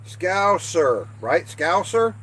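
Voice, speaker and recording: A man's voice: sits high, very animated, drawn-out words, fairly bright tone, a little hiss or hum. An older man from the American West hosting a livestream, chatting casually and folksy with viewers as he reads their comments. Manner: folksy, self-deprecating, reads chat aloud. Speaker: livestream host. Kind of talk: casual chat with live chat viewers.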